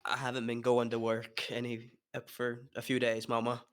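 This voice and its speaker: A man's voice: mid-range voice, completely flat delivery, moderate pace, clear, resonant tone. Despairing man with nervous laughs. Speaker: player. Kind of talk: in-character tabletop role-play.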